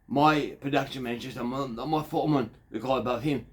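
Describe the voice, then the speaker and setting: A man's voice: medium pitch, a little fast. Man in his fifties, Australian accent, crude, rambling, digressive. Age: 50s. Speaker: factory worker. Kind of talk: rambling monologue.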